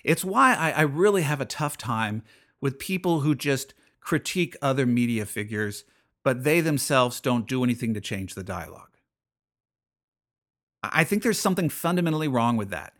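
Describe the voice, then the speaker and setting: A man's voice: medium pitch, animated, moderate pace, a bit bright. A middle-aged man hosting a podcast, giving an earnest personal faith reflection that often repeats phrases and restarts his sentences. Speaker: podcast host.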